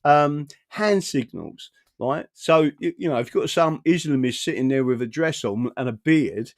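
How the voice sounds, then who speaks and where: A man's voice: a little high, moderate pace, no room sound. A man talks in a casual, rambling live-stream monologue from his own small studio. He swears freely, keeps tagging "right?" onto his sentences and chuckles between phrases. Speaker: political activist streaming.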